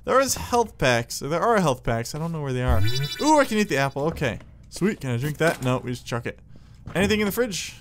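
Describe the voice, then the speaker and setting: Excitable man doing game commentary. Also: on the high side, brisk, soft background music. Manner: excitable, jokey, yells at enemies. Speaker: gameplay commentator. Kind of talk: let's play commentary.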